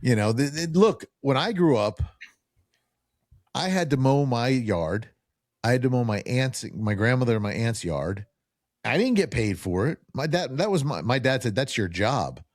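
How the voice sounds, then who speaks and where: A middle-aged man in a casual podcast chat, an animated storyteller who acts out quoted dialogue. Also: mid-range voice, normal speed, no room sound, clean studio sound.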